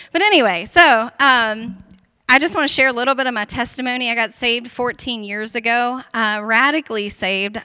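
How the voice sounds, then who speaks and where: A woman, moving from repetitive fervent prayer into an emotional personal testimony, tearful at times. Her voice sits a little high and rings very bright. It is recorded dry and close, with hardly any room sound. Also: clear, resonant tone, no room sound. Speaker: guest speaker sharing testimony.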